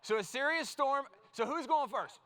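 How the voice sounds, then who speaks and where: High bright-voiced energetic youth preacher. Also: male voice, moderate pace. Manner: energetic, playful, directs volunteers on stage. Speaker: youth speaker. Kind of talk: youth sermon with audience skit. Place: large youth event hall.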